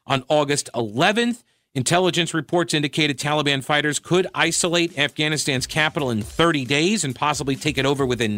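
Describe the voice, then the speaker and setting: A man's voice: mid-range voice, sharp tone. A man from New York hosting a political talk radio show, delivering a sarcastic, conversational monologue full of asides and self-corrections.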